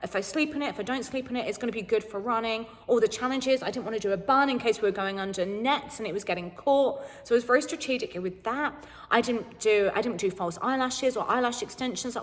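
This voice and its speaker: A young woman talking casually to camera about being a game show contestant, chatty and animated, laughing often. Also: a little high, quick pace, big-room sound.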